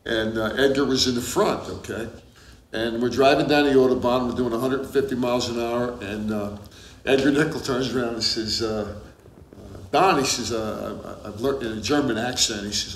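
A man's voice: mid-range voice, fairly even intonation, normal speed. Man telling a story in a roomy space. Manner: punctuates his story with "okay?" and "right?". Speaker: show producer. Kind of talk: casual anecdote. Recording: roomy, with faint background noise.

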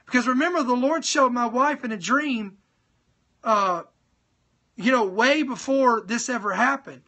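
A man preaching in a live-streamed sermon, telling his testimony in an animated way, speaking directly to his viewers and repeating points for emphasis. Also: extremely high pitch, unhurried. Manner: animated storytelling, talks straight to viewers.

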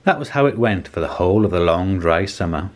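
A man reading a children's picture book aloud in a calm, measured storytelling manner. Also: low-pitched. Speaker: storybook reader.

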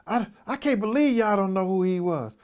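A man putting on the high-pitched, woman-like voice of an excitable man while retelling a story. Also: moderate pace, clean tone. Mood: gushing.

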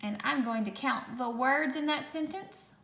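Slow, patient woman teacher, gravelly voice. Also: high-pitched, a bit bright, echoey room. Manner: slow, patient, sounds out dictation sentences word by word. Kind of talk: recorded phonics lesson for children.

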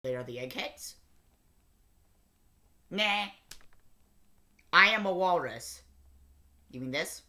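A man's voice: high voice, lively intonation, slow, pauses often, bright, forceful tone, exaggerated voice. A man playing the Twelfth Doctor, a sardonic, grumpy older male alien time traveller, reading and singing lyrics in character with exasperated muttered asides.

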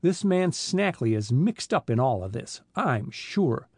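A man reading an audiobook, voicing a clever, determined teenage boy detective who speaks smoothly and persuasively. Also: mid-range voice, sing-song, measured pace, a little mellow, no echo, clean studio sound, exaggerated voice. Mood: thoughtful.

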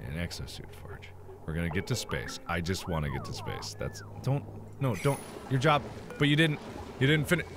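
A man giving theatrical let's play commentary, swinging between muttering to himself and loud, melodramatic outbursts. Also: mid-range voice, big pitch swings, normal speed, noisy background. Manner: playful, melodramatic self-talk. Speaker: gameplay commentator.

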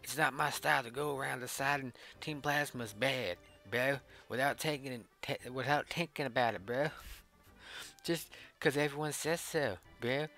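A laid-back young dude with a Newfoundland accent who drops bro into every sentence, as a man reads game lines in a put-on voice. The tone is bright and forward, and faint game music plays behind. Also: medium pitch, normal speed. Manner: drawling, tacks bro onto every line. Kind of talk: reading game dialogue aloud in a voice.

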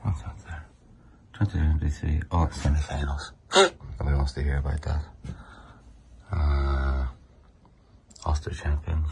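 A man with a Northern Irish accent from Derry chats loosely while walking through his indoor games room, and his voice sits extremely low. He talks in an offhand, wandering way and drops the odd curse. A faint noise hangs under him. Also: fairly even intonation, slow pace, vocal fry, pauses often, low-quality recording. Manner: rambling and offhand, with frequent swearing. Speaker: table football player giving a tour. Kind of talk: casual walkthrough chat.

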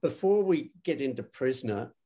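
A man's voice: medium pitch, expressive, moderate pace, warm tone. A man hosting an interview podcast, reading out prepared facts before asking his question. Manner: reads prepared facts, then asks. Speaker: podcast host.

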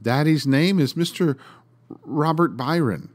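A man's voice: a little high, lively intonation, unhurried, pitched above the performer's own voice. A man voicing a small girl in a told story, tremulous and pleading. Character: tearful little girl pleading for her father.

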